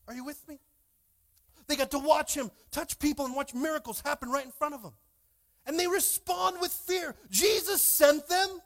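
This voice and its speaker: A young man preaching a lively sermon as pastor, calling out to his congregation in church. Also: very high voice. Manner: animated, calls out to congregation.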